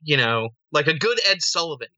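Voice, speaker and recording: A man in casual chat, playful and animated, often stumbling over his starts. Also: on the high side, brisk, no room sound, lo-fi sound.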